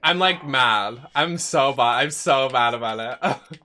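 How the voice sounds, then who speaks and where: A young man streaming a video game, ranting in a dramatic, sweary way that swings from shouting to muttering. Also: mid-range voice, slow, noisy background. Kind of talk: casual rant while gaming.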